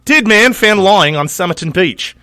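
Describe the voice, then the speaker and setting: A man's voice: high voice, lively intonation, normal speed, no room sound, pitched above the performer's own voice. A man doing a hammy mock-Australian news reader. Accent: put-on Australian. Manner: exaggerated, loud, hammy reading. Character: man reading an old newspaper report in a mock Australian accent.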